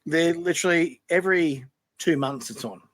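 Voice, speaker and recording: An Australian man co-hosting a podcast in casual chat, a lively storyteller who laughs often. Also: fairly high pitch, normal speed, no echo. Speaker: podcast co-host.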